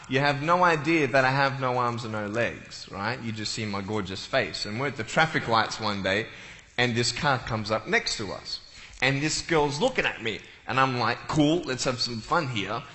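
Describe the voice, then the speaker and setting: A man's voice: medium pitch, expressive, moderate pace, pushed and bright. A man speaking to a live audience as a motivational speaker, telling playful stories and jokes. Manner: joking, playful storyteller. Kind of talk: comic talk to a live audience. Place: large hall with an audience. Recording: echoey hall with long reverb.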